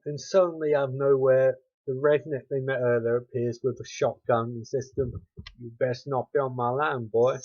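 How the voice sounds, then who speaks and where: A man rambles through a recap of a bad horror movie, dropping dry, sarcastic asides as he goes. His voice is dark and mellow, and the recording sounds dull and lo-fi. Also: on the high side. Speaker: movie reviewer.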